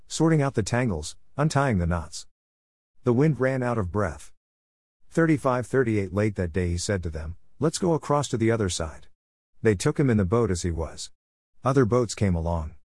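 A man reads scripture aloud with a measured, steady delivery, calling out verse numbers between passages. His voice sits fairly low, and the recording is dry and close with no room sound. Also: no room sound. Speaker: Bible reader. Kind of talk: scripted Bible reading.

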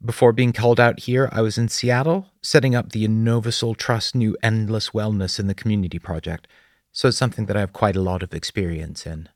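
A man voicing a stiff, expressionless male school counselor who talks in a flat, formal way. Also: on the low side, a little fast, no room sound, clean studio sound, voice pushed up, close to an everyday voice. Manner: flat, formal, unsettlingly calm.

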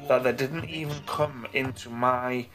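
A man's voice: mid-range voice, steady tone, unhurried, a bit bright. A man in his thirties co-hosting a podcast, chatting casually, blunt, jokey and swearing freely. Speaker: podcast co-host. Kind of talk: casual chat.

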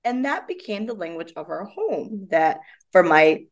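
A young adult woman, a guest on a podcast, telling personal stories in a casual, animated way and acting out the voices of people in them. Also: medium pitch, unhurried. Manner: animated, acts out quoted dialogue. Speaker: guest, movement method founder. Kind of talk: casual storytelling interview.

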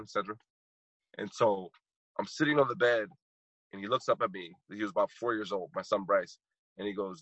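A man's voice: fairly low pitch, a little fast, a bit bright, dry recording, lo-fi sound. A man in his thirties, a podcast guest and motivational speaker, telling a heartfelt story with emphatic repetition while choked up. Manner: emphatic, repeats phrases for impact.

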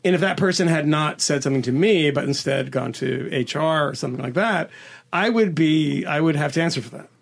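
A man's voice: on the high side, fairly quick, creaky. A man hosting a podcast, rambling through casual political talk with lots of hesitant restarts. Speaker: podcast host.

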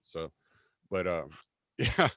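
A man's voice: low voice, very animated, extremely slow, a bit bright, dry recording. A man hosting a casual podcast, ranting with constant profanity and a combative edge. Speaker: podcast host.

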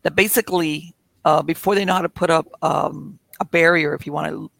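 A woman hosting a podcast interview, chatting casually and asking halting questions. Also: low-pitched, steady tone, gravelly, no echo. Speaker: podcast host.

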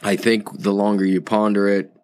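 A man leading a recorded course lesson, unhurried and reflective, fond of quotes and word origins. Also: fairly low pitch, flat delivery, a little mellow, dry recording. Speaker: course instructor.

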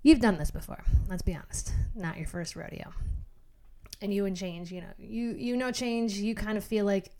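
A woman podcast host giving animated motivational talk, speaking straight to the listener in a coaching manner. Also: mid-range voice, moderate pace.

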